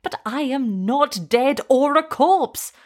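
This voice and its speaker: A woman voicing a frightened, pleading old male witch doctor in a storybook reading, drawing his words out high and slow. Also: very animated, exaggerated voice. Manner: high, drawn-out, pleading delivery.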